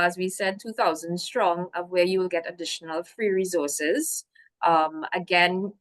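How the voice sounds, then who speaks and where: A woman presenting a business workshop over a video call, encouraging and working through a list of points. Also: medium pitch. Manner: encouraging, lists points, frequent "so". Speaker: workshop guest host. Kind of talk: webinar presentation.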